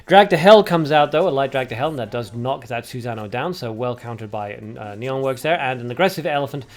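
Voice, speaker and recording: A man's voice: medium pitch, expressive, fairly quick. A man hosting a livestream, commentating a card game tournament play by play while joking with viewers in chat. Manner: chatty and jokey, banters with viewers. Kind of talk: live game commentary mixed with chat replies.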